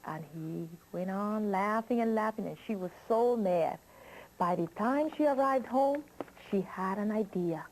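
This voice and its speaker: A woman telling a children's story in an unhurried, drawn-out way, pausing to ask the listener questions. Her pitch sits in a middling range. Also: a little mellow, rough recording.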